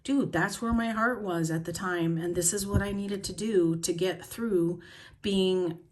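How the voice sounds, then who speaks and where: A woman vlogging about her journaling, talking bluntly and emotionally with pauses and fillers, shaken as she speaks. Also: mid-range voice, fairly even intonation, a little mellow. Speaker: planner vlogger. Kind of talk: emotional journaling talk to camera.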